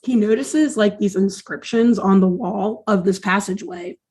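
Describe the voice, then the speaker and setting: A woman's voice: medium pitch, normal speed, dark tone, slightly rough. A woman co-hosting a podcast, recapping a cartoon episode in casual chat, swearing and laughing often.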